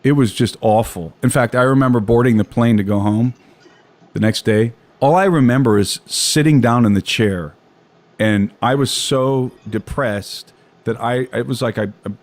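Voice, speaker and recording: A man's voice: mid-range voice, moderate pace. An American man telling a long personal story in casual conversation, with frequent restarts and repeated words. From United States.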